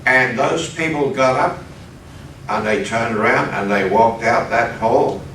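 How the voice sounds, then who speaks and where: A man with an Australian accent preaching, telling a personal story in an animated way and leaping up in pitch for the lines he quotes. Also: measured pace, a little hiss or hum. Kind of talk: sermon storytelling. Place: conference hall. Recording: echoey hall, distant mic.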